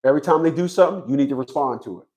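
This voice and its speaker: Talking very fast in a mid-range, slightly mellow voice, a man holds forth on child support for his viewers. His monologue is crude and blunt, full of stammers and restarted sentences.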